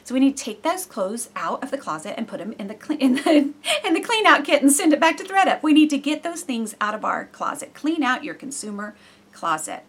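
A middle-aged woman preacher with a husky, slightly breathy voice moves briskly through her sermon as if chatting. She's animated and full of asides, yet she drops her voice low and soft when she reaches the serious points.

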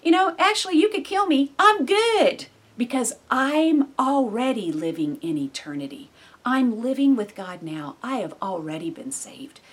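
Breathy woman teaching the Bible. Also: high-pitched, sing-song, measured pace. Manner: swings between soft breathy near-whispers and loud emphatic bursts; earnest, heartfelt.

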